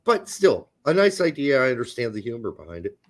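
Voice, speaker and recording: A male podcast co-host in easygoing chat, his mid-pitched voice rising and falling a lot. He teases his co-host with a wry, dry humor. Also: very animated, a little fast. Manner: wry, teasing banter. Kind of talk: casual chat.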